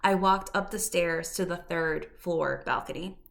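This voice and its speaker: A woman's voice: lowish voice, measured pace, gravelly, a bit bright. A woman podcast host telling a personal story in a candid, reflective way, with fillers and restarts. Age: adult.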